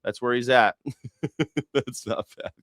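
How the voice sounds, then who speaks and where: A man's voice: medium pitch, steady tone, takes it slowly, a bit bright, dry recording, studio quality. A man hosting a news reaction live stream, rambling in a profane, sarcastic way.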